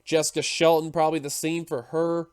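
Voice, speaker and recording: Male race caller, high-pitched and breathless, energetic play-by-play, dry booth sound. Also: brisk, clear, resonant tone, no echo. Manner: excitable, builds to shouting at the finish. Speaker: race commentator. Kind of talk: sim racing play-by-play commentary.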